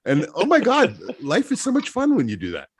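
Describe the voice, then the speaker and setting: Middle-aged guest, Texas-raised, swooping animated voice, loose anecdotal storytelling with lots of chuckles. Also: male voice, high-pitched, brisk, a little hiss or hum. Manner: rambling anecdotes, frequent laughter, restarts. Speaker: podcast guest, trapper. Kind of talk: casual storytelling chat.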